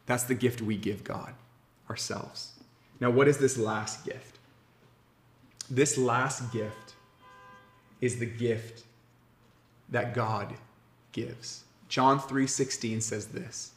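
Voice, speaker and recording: A man in his thirties preaching a sermon as pastor, earnest and warm, slowing down with emphatic pauses on key words. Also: medium pitch. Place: church sanctuary. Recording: echoey room.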